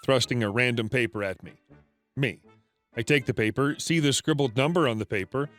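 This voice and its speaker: A man's voice: mid-range voice, lively intonation, moderate pace, a bit bright. A man narrating a retail story in a scripted, matter-of-fact reading. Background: faint background music.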